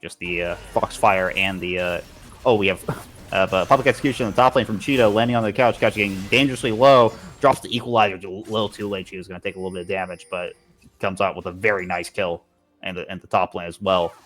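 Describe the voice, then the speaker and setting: A man with a fairly low voice calls an esports match play-by-play. He talks quickly and keeps stumbling over and repeating words as he follows the action. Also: fairly even intonation, a bit bright. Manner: rapid play-by-play with frequent restarts and repeated words. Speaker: esports caster. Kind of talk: play-by-play commentary.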